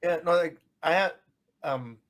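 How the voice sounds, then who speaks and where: A man's voice: fairly high pitch, measured pace, a bit bright. A man from the United States who grew up bilingual, chatting casually on a podcast panel and explaining with examples. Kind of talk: casual chat.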